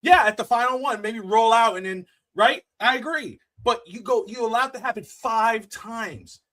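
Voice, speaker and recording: A middle-aged man co-hosting a wrestling podcast, excitable and swearing, laughing often as he acts out the moments. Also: extremely high pitch, moderate pace. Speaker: podcast co-host. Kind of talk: casual wrestling podcast chat.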